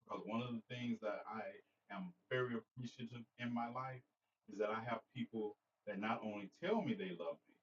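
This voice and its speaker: A man's voice: lowish voice, brisk, distant mic, a little hiss or hum. A man hosting a casual livestream, joking and rambling as he talks to viewers by name. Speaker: livestream host. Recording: dull lo-fi sound, slightly off-mic.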